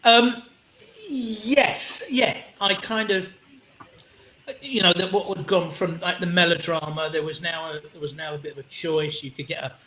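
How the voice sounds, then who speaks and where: A middle-aged English man, a comedian guest, telling anecdotes in an animated, casual way with frequent restarts and the odd swear word. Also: sits high, moderate pace, slight background noise. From England. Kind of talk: anecdotal storytelling in an interview. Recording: roomy echo.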